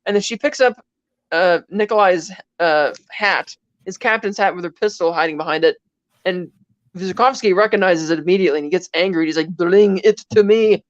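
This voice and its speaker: A woman's voice: lowish voice, a little fast, no echo, muffled recording. A woman co-hosting a podcast, animatedly retelling a film scene in casual chat and briefly acting out the characters' lines. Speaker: podcast co-host.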